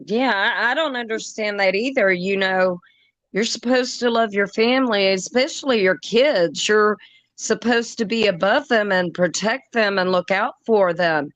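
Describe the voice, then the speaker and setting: A woman's voice: mid-range voice, unhurried, fairly bright tone, no room sound. A woman giving her opinions in a casual chat, earnest and talking things through.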